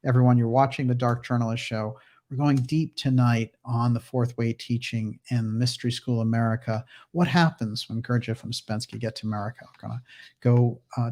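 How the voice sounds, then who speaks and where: Man, livestream host, casual storytelling, chatty, mid-pitched voice. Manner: casual storytelling with quick laughs; conversational fillers and restarts. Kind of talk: livestream commentary and reading.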